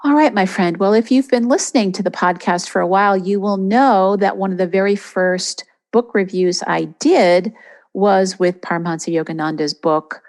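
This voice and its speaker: A woman's voice: medium pitch, moderate pace, a little mellow. A woman podcast host and reverend giving an earnest spiritual teaching and leading a guided meditation. She often repeats words for emphasis.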